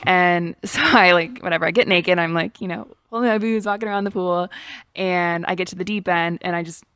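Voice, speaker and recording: Woman telling stories, low and dry. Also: steady tone, a little fast, a bit bright, smooth, no room sound. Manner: storytelling with frequent "like" and laughter. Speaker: podcast co-host. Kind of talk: casual chat.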